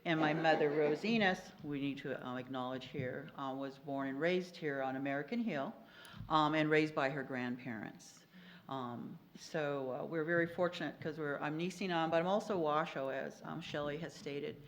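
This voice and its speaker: An older woman speaking on a panel, soft-spoken and earnest. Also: low voice, normal speed, slight background noise. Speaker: panelist, former tribal chairwoman. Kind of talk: panel discussion talk.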